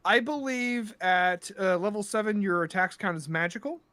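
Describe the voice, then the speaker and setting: A man's voice: sits high, normal speed, sharp tone, clear, resonant tone, no echo. A man running a tabletop game as game master, loose and profane, often laughing.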